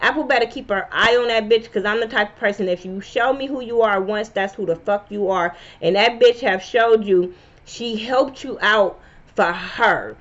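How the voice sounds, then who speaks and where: A woman, reviewing reality TV in a blunt, profane, animated rant. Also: on the high side, moderate pace. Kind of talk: casual opinion vlog. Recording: slightly dull lo-fi sound.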